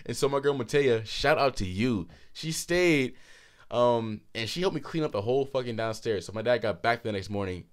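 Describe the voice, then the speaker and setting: A man in his twenties co-hosting a podcast, telling a story animatedly with frequent laughter and swearing, a bit hoarse. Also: medium pitch, lively intonation, normal speed. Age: 20s. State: hoarse throat. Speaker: podcast co-host. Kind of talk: casual chat.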